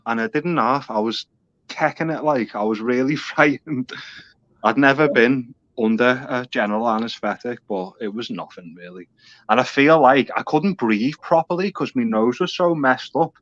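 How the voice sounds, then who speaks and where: A man's voice: mid-range voice, normal speed, a bit bright, no room sound. Chatty Scouse man over a dull line. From Merseyside, England. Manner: chatty, uses local slang. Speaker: guest. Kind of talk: casual chat.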